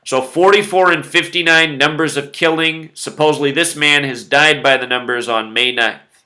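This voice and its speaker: A man talks on his own to his viewers in a bright, forward voice that sits a little high. He muses aloud, drifts into asides, and keeps coming back to the same numbers to stress them. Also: fairly even intonation, normal speed. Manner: conversational, musing asides, repeats numbers for emphasis. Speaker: video host. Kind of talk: solo conspiracy commentary video.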